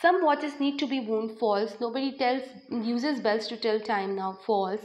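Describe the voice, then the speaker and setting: A woman teacher with a somewhat higher voice works through a recorded revision lesson. She spells out words letter by letter and explains each answer in a plain, steady way. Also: measured pace, poor audio. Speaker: school teacher.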